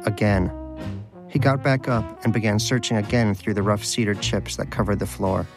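A man with a lowish voice reads a story aloud with dry, wry timing. Faint music plays softly behind him. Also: steady tone, normal speed. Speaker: narrator. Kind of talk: audiobook narration.

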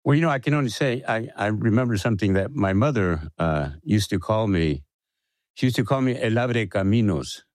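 Older man, reflective and measured. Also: on the low side, expressive, darkish tone, no room sound. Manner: measured, reflective, with pauses and restarts. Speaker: interview guest, playwright. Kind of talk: reflective interview talk.

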